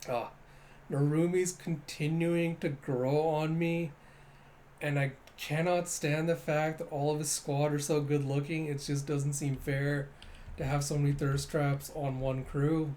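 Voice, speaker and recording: A man casually reading through a comic chapter and giving animated commentary, with quick asides. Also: on the high side, slight background noise. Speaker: comic reader and reviewer.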